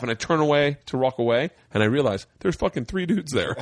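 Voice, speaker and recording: A man's voice: medium pitch, animated, fast, few pauses, no echo. A young man and stand-up comic telling a wild story in casual, profane chat, acting out the voices. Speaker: podcast guest, stand-up comedian.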